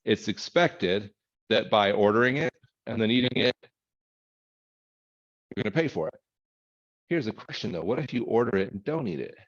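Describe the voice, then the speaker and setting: Casual low-voiced male lecturer, muffled. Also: expressive, normal speed, pauses often. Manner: conversational, thinking aloud with fillers and self-corrections. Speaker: instructor. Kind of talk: recorded lecture.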